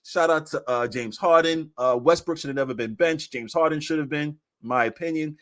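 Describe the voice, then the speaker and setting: A man on a podcast in casual chat about basketball, animated and repeating phrases for emphasis. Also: fairly high pitch, fairly quick.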